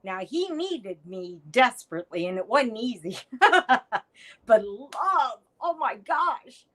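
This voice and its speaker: A middle-aged woman, a podcast guest, telling a personal story in an animated way and acting out the voices of the people in it. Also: fairly high pitch, takes it slowly, low-quality recording. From United States. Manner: animated storyteller, acts out quoted lines. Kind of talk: storytelling interview chat.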